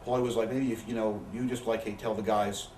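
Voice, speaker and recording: Guy rattling off wild backstage stories quick, cussing a lot, sounds far from the mic in an echoey living room. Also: on the low side, level tone, darkish tone. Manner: profane, rambling anecdotes with quoted voices. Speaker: interview guest. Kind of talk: candid storytelling. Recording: roomy, distant, faint background hiss.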